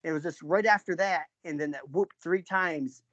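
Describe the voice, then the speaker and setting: A man's voice: fairly high pitch, normal speed, fairly bright tone, dry recording. Rambling man from New York, lo-fi. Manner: rambling, many fillers and restarts, frequent throat clearing. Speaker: interviewee, father recounting an encounter. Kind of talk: casual spoken storytelling. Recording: dull lo-fi recording.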